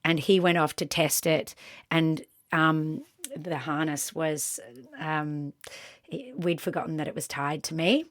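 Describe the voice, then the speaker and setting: Animated Australian woman telling a story. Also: deep voice, measured pace. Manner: animated, acts out the people in her story, frequent ums. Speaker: podcast co-host. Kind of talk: casual storytelling chat.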